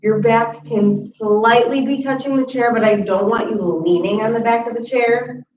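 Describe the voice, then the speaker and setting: A woman teaching a chair yoga class, calmly cueing each breath and movement. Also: fairly high pitch, normal speed, crowd noise. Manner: calm instructive cueing of breaths and moves. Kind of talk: guided exercise class. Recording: roomy, distant, muffled audio with faint hiss.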